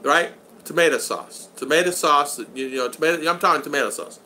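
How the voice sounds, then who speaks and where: A man's voice: on the high side, a little fast, sharp tone, a little hiss or hum. An older American man hosting a casual livestream, reading viewers' chat aloud, greeting them by name and laughing often. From United States.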